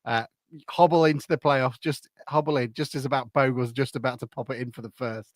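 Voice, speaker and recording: Lively storytelling man, dry sound. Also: medium pitch, a little fast, no echo. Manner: lively storyteller, acts out dialogue. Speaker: podcast co-host. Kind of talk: casual football chat.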